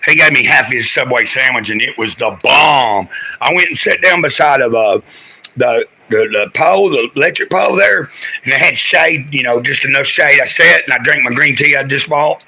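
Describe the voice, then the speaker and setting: A man's voice: mid-range voice, normal speed, vocal fry, sharp tone, breathy edge, poor audio. A man chatting casually on a livestream, rambling through his day and talking straight to his viewers.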